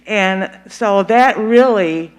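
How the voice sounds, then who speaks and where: An older speaker from Detroit tells an anecdote at a community forum in a calm, unhurried way. The voice is smooth and resonant. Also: mid-range voice. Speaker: community meeting participant. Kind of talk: public comment at a community forum. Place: meeting room.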